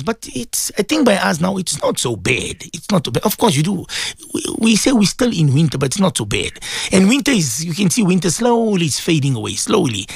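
Lively radio host, man. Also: a little high, no echo, clean studio sound. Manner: chatty and rambling, greeting listeners by name. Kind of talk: casual call-in radio chat.

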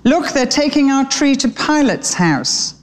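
A woman voicing an anxious young male sparrow in a storybook reading, with an excited, chirpy delivery. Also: high voice, measured pace, voice pushed up. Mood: alarmed.

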